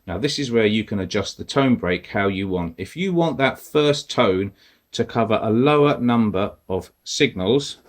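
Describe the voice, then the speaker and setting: Low-voiced man explaining detector settings. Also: normal speed. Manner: relaxed, explains step by step while pressing buttons. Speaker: metal detecting tutorial host. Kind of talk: casual instructional walkthrough.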